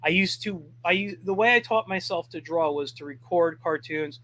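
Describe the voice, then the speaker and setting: Male guest, relaxed storyteller, slightly high voice, uh-filled, unhurried. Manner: easygoing storyteller, many fillers. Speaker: guest cartoonist. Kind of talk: casual interview chat.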